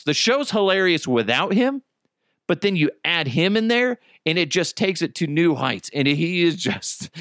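A man's voice: on the high side, a bit bright, dry recording, clean studio sound. An American man hosting a podcast, chatting in a casual, jokey and profane rant. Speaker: podcast host.

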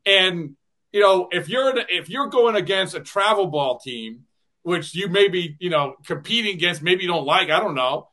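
A man's voice: high-pitched, expressive, normal speed, bright, forceful tone. A man who works as a radio broadcaster, guesting on a podcast and telling rambling stories full of restarts and chuckles. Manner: rambling storyteller, many restarts, chuckles often. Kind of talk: casual interview chat.

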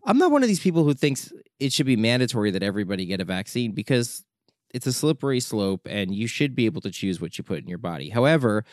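A documentary filmmaker giving an impassioned opinion monologue, exasperated and urgent, often repeating words for emphasis. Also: male voice, mid-range voice, very animated, quick pace, no echo, clean studio sound.

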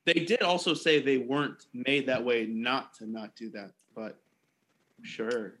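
A man's voice: medium pitch, steady tone, unhurried, a bit bright. A man hosting a podcast, asking playful questions in a sarcastic, joking way. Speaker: podcast host. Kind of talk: casual podcast chat.

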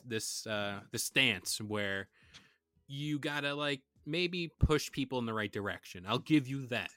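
A man's voice: mid-range voice, sharp tone, dry recording. A young man co-hosting a podcast, chatting casually with jokes and rambling asides. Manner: joking, rambling, many fillers. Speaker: podcast co-host. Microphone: studio podcast mic.

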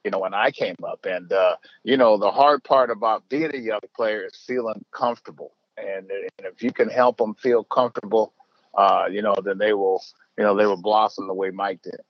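A man's voice: lowish voice, fairly even intonation, moderate pace, dry recording, dull audio. Older man, rambling with fillers. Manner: rambling, many fillers and restarts. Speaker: baseball manager, interview guest. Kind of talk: casual storytelling.

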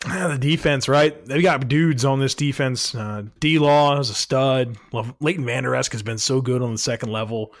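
A man's voice: mid-range voice, moderate pace, hardly any pauses, dry recording, clean studio sound. Upbeat male sports podcast co-host. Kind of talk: casual sports chat.

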